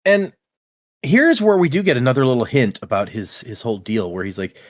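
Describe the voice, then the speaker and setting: A man's voice: mid-range voice, a little fast. A young man co-hosting a podcast, chatting casually about a book and reading passages aloud. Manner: animated, reads quotes aloud between commentary. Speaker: podcast co-host.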